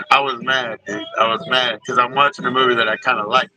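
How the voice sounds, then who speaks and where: A man's voice: medium pitch, normal speed, bright, forceful tone, poor audio. A man hosting a livestream, ranting in a profane, rambling and heated way. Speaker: livestream host. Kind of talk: casual livestream rant.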